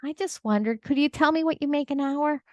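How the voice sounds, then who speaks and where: A woman's voice: sits high, a little fast, no room sound, studio quality, voice pushed up, close to an everyday voice. A woman voicing a young boy who asks his father for money in a hopeful, pleading way.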